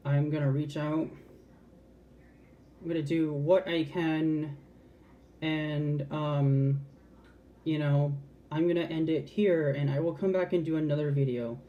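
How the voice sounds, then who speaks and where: A woman's voice: low voice, fairly even intonation, unhurried, pauses often, lo-fi sound. A trans woman talking frankly to camera in a casual, heartfelt vlog, swearing freely and restarting her sentences. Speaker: vlogger.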